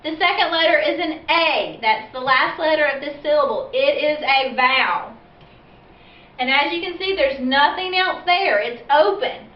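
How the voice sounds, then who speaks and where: A woman teacher giving a phonics lesson for parents and children, explaining slowly and patiently and asking questions as she goes. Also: high-pitched. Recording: echoey, dull, distant from the mic.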